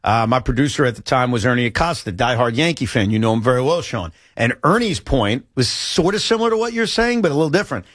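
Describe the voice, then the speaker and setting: A man hosting a sports talk show, arguing his points in an animated way. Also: mid-range voice, quick pace, few pauses, no echo, clean studio sound. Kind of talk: sports talk radio chat.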